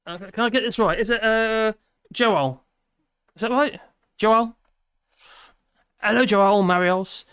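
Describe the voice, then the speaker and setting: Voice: medium pitch, normal speed, few pauses, fairly bright tone, smooth, no echo, studio quality. A host with a British accent chatting casually on a live stream, reading out viewer comments and humming between them. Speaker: livestream host.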